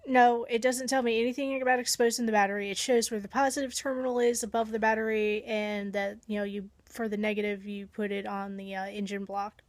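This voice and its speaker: A woman's voice: on the high side, level tone, brisk, hardly any pauses, dry recording. A woman vlogger casually telling a long everyday story, chatty and self-deprecating, acting out her own thoughts as she goes.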